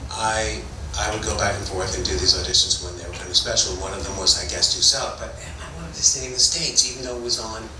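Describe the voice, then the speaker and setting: His voice sits on the low side with fairly even intonation, and he talks fast with few pauses. He's a middle-aged Toronto actor on a convention panel, telling meandering, self-deprecating anecdotes, recorded distantly in an echoing hall amid background noise.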